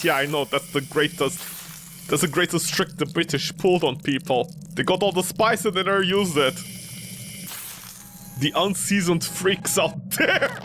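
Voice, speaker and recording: A man doing joking let's play commentary on a horror game, rambling and breaking into mock outrage and yelps. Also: sits high. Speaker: gaming streamer.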